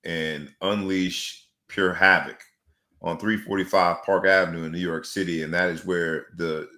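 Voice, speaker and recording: Deep-voiced showman sports host. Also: fairly even intonation, measured pace, bright, forceful tone. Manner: showman, rhymes, big emphatic swings. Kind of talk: sports talk show hosting. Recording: echoey room.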